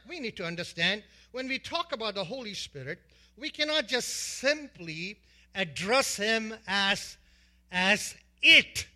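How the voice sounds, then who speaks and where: A man's voice: high voice, pushed and bright. A man preaching a sermon as pastor, emphatic, repeating lists of words and asking the congregation questions.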